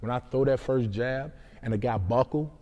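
A man's voice: medium pitch, normal speed, dull audio. A young man who fights in MMA, answering interview questions in a loose, rambling way, often adding "you know what I'm saying.". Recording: hall reverb.

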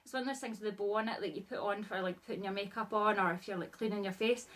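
A woman's voice: medium pitch, fairly even intonation, fast talker, fairly bright tone. A woman, chatting casually as a vlogger and gushing with lots of fillers. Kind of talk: casual chat.

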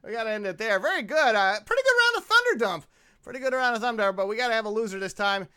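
A man hosting a comedy podcast, joking around, laughing loudly and calling out names. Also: sits high, very animated, fast talker, smooth. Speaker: podcast host.

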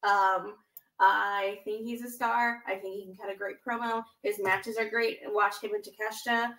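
Co-hosting a laid-back wrestling podcast, this woman wanders through her points, cutting herself off, starting over, and laughing readily. Her mid-range voice is a bit bright with little pitch movement, captured far from the mic in a room with echo.

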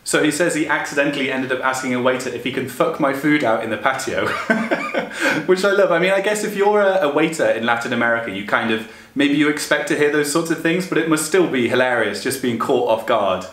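A man's voice: mid-range voice, a bit bright, echoey room. A young man chatting casually, reading out stories and often breaking into laughter at them. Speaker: vlogger.

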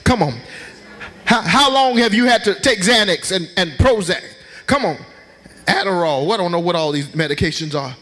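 A man preaches with fervor, his voice sitting high and ringing bright. He keeps prodding the congregation with quick call-and-response asides as he preaches in the church. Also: animated. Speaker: pastor. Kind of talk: sermon. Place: church sanctuary.

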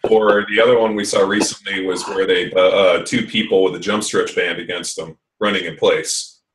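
A man's voice: sits low, fairly even intonation, normal speed, roomy sound, distant mic, noisy background. A man hosting a podcast in casual chat, rambling and swearing freely, with lots of fillers. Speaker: podcast host.

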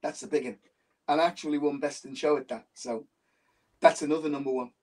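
A man's voice: on the high side, steady tone, a little fast, a little mellow. A man, an interview guest who tells his stories with animation and repeats phrases for emphasis. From Liverpool, England. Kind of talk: casual interview talk. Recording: voice distant from the mic.

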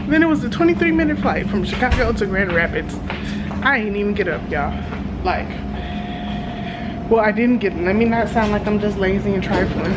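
A woman, chatting casually to viewers as a flight attendant vlogger and telling a story with animated asides. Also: mid-range voice, heavy background noise. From Texas. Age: 30s. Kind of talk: casual vlog chat. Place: hotel hallway and room. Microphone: handheld compact camera.

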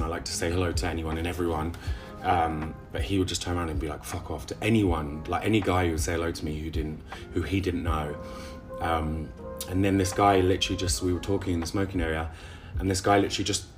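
A young man recounting a painful relationship, halting and repeating words with many fillers. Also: low voice. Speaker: interviewee recounting abuse. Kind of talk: emotional personal testimony.

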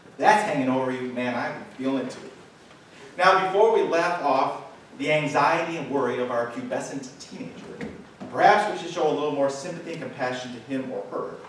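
A man preaching a sermon with emphatic delivery and dramatic slow pauses. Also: mid-range voice. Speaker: pastor. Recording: echoey distant church sound with faint room noise.

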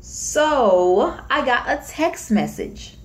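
A woman's voice: fairly high pitch, drawn-out words. A young woman from Florida telling a personal story to the camera in a casual, chatty way, acting out what people said. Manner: chatty, animated retelling with acted-out quotes. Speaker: vlogger.

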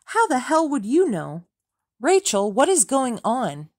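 A woman's voice: sits high, very animated, unhurried, no room sound, clean studio sound, pitched above the performer's own voice, full character voice. A woman reading an audiobook, voicing an angry, exasperated man who snaps at his ex-wife. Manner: furious, exasperated, snapping.

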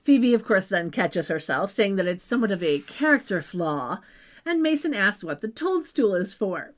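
Her mid-range voice is sing-song at a moderate pace as she co-hosts a podcast and recaps a TV episode in casual conversation. Wry asides come often, and she trails off with "just saying."

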